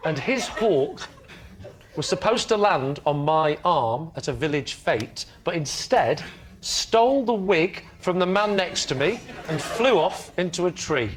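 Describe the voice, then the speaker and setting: A man captaining a team on a comedy panel show, cheeky and quick with his jokes. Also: fairly high pitch, expressive, background noise. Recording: loud studio audience laughter.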